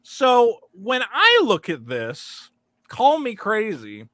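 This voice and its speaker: A man hosting a casual comedic podcast, loud, mocking and swearing a lot. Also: sits high, huge pitch swings, takes it slowly, dry recording. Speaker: podcast host.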